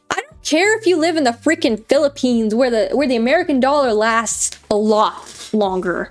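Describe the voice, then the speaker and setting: A woman's voice: high-pitched, sing-song, fairly quick. A woman artist and streamer talking casually and expressively, scolding in an exasperated, motherly way as she reviews art pages. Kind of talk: casual video commentary.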